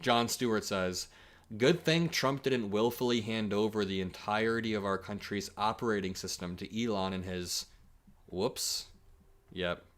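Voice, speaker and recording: A man hosting a livestream, reacting to clips and posts in an energetic, joking way and laughing often. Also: fairly low pitch, a little slow. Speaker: political commentary streamer.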